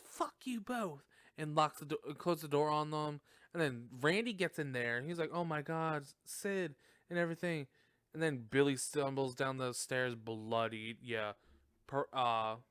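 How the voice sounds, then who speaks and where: Man podcast host, slow unhurried talk, rambling recap, laughs a lot, dry close sound. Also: on the high side, a bit bright, smooth, dry recording. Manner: rambling, laughs often, swears freely. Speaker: podcast host reviewing a film. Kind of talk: casual solo recap.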